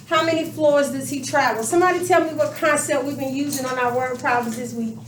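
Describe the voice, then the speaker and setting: A woman's voice: high voice, fairly quick, hardly any pauses, a little hiss or hum. A woman teaching a math class, questioning her students and stretching out words for emphasis. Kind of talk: classroom lesson. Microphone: camera across the room. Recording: echoey classroom from far off.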